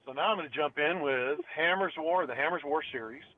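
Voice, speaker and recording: A man's voice: a little high, brisk. A middle-aged father co-hosting a casual podcast, chatty and teasing, laughing often. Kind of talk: casual chat. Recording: tinny phone-like line.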